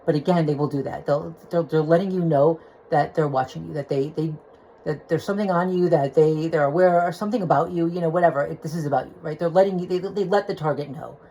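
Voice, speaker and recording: A woman's voice: low-pitched, quick pace, mellow, slight background noise, low-quality recording. A woman telling a personal story into her phone, agitated and rambling, with restarts and swearing. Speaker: vlogger.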